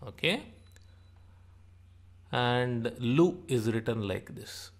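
Slow-paced man teaching an alphabet. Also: medium pitch, lively intonation. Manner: slow, repeats each sound and example word. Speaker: language teacher. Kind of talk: slow spoken alphabet lesson.

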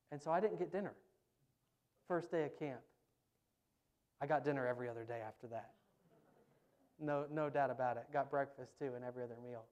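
A man preaching a sermon in church, telling stories in an animated, emphatic way. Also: mid-range voice, fairly quick, pauses often. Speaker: pastor. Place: church sanctuary.

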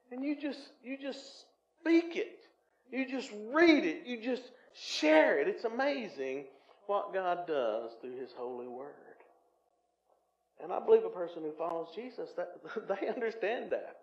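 High-voiced Southern preacher in an echoey church. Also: male voice, very animated, a little slow. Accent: Southern American. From Tennessee. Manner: swings between loud emphatic preaching and low, quiet asides. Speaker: pastor. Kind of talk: sermon. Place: church sanctuary. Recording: echoey, slightly muffled church recording.

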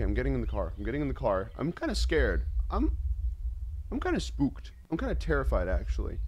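A man's voice: fairly low pitch, a little mellow. Jittery man streaming a horror game. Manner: jittery, nervously exclaiming. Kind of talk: casual gameplay commentary.

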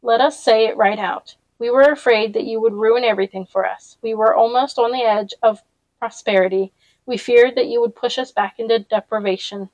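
A woman reading aloud, voicing a grave middle-aged woman who leads a town and speaks in a deep voice with a slight quiver. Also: normal speed, a little mellow, no echo, lo-fi sound, close to an everyday voice. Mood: solemn.

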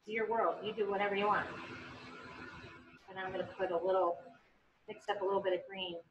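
On a lo-fi recording with a little hiss or hum, a woman with a mid-range voice and fairly even intonation speaks briskly. She teaches painting online over a video call, keeping things chatty and encouraging and getting bubbly when she praises.

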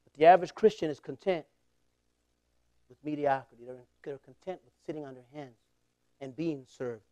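The recording is dry, capturing a pastor in his forties whose pitch is fairly high and whose pace is moderate. He tells a funny story in his sermon, chatting and laughing often while swinging between loud bursts and quiet asides.

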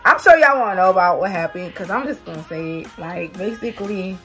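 A woman vlogger telling a storytime to her viewers, animated and swearing freely. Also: lowish voice, fairly quick, faint music behind. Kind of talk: storytime vlog.

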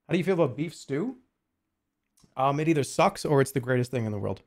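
A man's voice: medium pitch, animated, fast talker, pauses often. A man streaming casually, joking and swearing freely, arguing with his chat and muttering while he works on a jigsaw puzzle.

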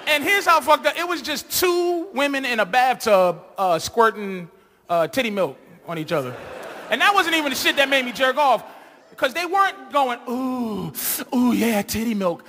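A man doing a crude, rambling stand-up comedy set on a live stage, shouting his punchlines and acting out voices. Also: extremely high pitch, lively intonation, moderate pace, a little hiss or hum.

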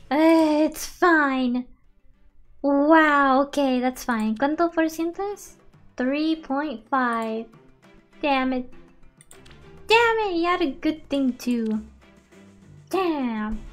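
A young woman streaming a game, chatting playfully with frequent laughs and switching between two languages. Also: high-pitched. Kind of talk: casual chat.

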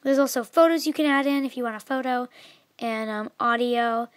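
A young woman talks through an app step by step in a loose, chatty way. Her voice sits a little high and sounds dry and close to the mic. She often drifts into softer, trailing asides. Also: moderate pace, no echo. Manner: chatty, filler-heavy, trails off softly. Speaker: video tutorial maker. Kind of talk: casual screen tutorial.

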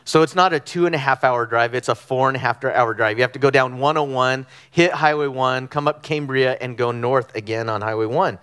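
A middle-aged man from Southern California preaching a conversational sermon, telling animated stories with frequent ums and restarts. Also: medium pitch, brisk, few pauses, clear, resonant tone. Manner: animated storytelling with frequent fillers. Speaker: pastor. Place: church sanctuary.

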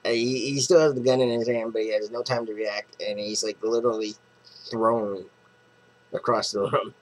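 A man's voice: lowish voice, flat delivery, moderate pace, a little hiss or hum, rough recording. A man casually recapping a comic book plot, rambling with lots of fillers and restarts.

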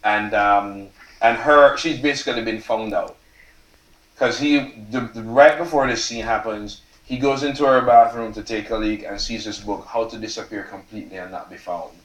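A man with a lowish voice reads his own novel to a live audience, lively and loose, not shy about the swearing. He sounds roomy and set back from the mic, as if in a hall. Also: normal speed, far from the mic. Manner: expressive, casual, swears and laughs at his own text. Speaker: author reading his novel. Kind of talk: reading aloud at a live event. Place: event stage before an audience.

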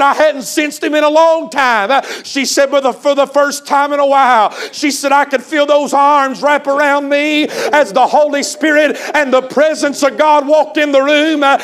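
A man delivers a revival sermon in a church, his voice riding very high. He swings from ringing shouts to near-whispers and stretches key words for emphasis as he tells a story. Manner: impassioned, swings between shouting and hushed tones; storytelling, retells others' words with drawn-out emphasis. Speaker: preacher. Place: church service.

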